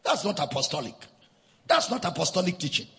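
A man's voice: on the high side, very animated, a little fast, pushed and bright, big-room sound. A man preaching a sermon as a pastor, driving his points home with repetition and sing-song emphasis.

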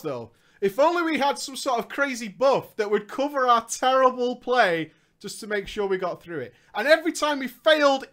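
A man's voice: very high voice, fairly bright tone. A young man telling a comedic gaming story in a sarcastic, joking manner, often laughing.

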